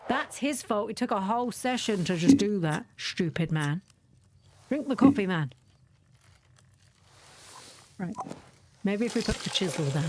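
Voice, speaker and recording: A woman's voice: mid-range voice, noisy background. Chatty, sarcastic woman streamer. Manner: chatty and sarcastic, often giggling. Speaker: game streamer. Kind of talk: casual chat while gaming.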